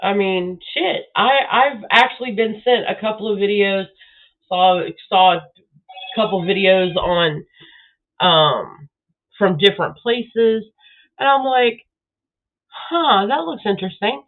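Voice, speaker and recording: A woman's voice: mid-range voice, slow. A woman from Southeast Texas with a Texan accent, ranting bluntly and swearing freely in a casual live stream. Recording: tinny phone-like audio.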